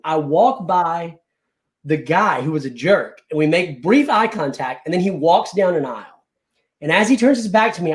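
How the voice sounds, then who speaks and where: Animated man telling a story. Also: on the high side. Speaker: guest. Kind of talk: casual chat.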